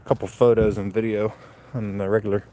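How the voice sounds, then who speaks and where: A man's voice: lowish voice, flat delivery, a little fast, mellow. A man live-streaming while walking outdoors on a snowy, windy night, chatting casually to his viewers and feeling the cold. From Central Florida. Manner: casual, rambling, talks to viewers. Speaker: vlogger. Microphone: handheld phone.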